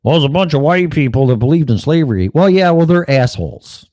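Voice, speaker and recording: A man's voice: a little high, animated, brisk, dark tone, dry recording. A man hosting a show, delivering a blunt, heated political monologue full of swearing and mocking asides. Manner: blunt, heated, swears often, mocks opponents in put-on quotes. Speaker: podcast host.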